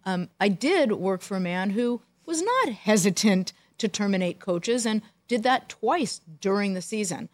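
Woman telling a lively insider story. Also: medium pitch, unhurried, hardly any pauses, no room sound. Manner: animated anecdotal storytelling with dry jokes. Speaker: podcast co-host, former team executive. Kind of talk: casual storytelling chat.

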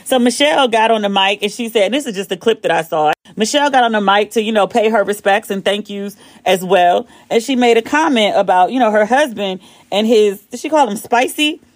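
A woman hosting a casual chat show, talking in an animated way, swearing freely and jumping high in pitch when excited, recorded on her phone. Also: a little fast, no echo. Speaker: podcast host.

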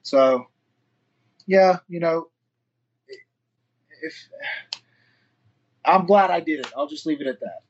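A man's voice: on the high side, slow, long pauses. A man, telling a story in a casual interview, rambling and profane, acting out what people said. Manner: rambling, profane, acts out quoted dialogue. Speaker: fighter and firefighter, interview guest. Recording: muffled lo-fi audio.

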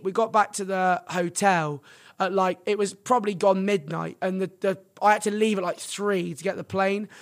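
A young man with a notably high-pitched voice, chatting on a podcast. He rambles through his stories with lots of fillers and restarts, always animated and conversational. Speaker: podcast guest, streamer. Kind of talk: casual storytelling chat.

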